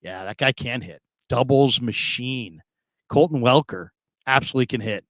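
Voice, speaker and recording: A man's voice: mid-range voice, moderate pace, dry recording. Guy hosting sports talk, rambles and laughs a lot, kinda mid voice, dead dry sound. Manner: loose and rambling, repeats himself, laughs often. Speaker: sports radio host. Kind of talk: casual chat reading listener comments.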